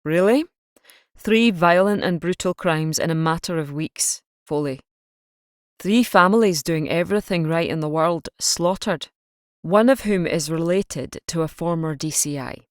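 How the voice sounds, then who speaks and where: A woman voicing a gruff, sarcastic male Scottish police chief with a Scottish accent in an audiobook reading. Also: fairly low pitch, a little slow, no echo, studio quality, lightly acted. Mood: stern.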